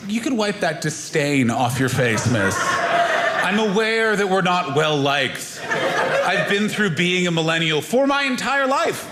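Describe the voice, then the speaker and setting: Wry high-voiced man in his thirties. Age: 30s. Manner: wry, self-deprecating. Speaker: stand-up comedian. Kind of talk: stand-up routine. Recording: echoey room with loud background noise.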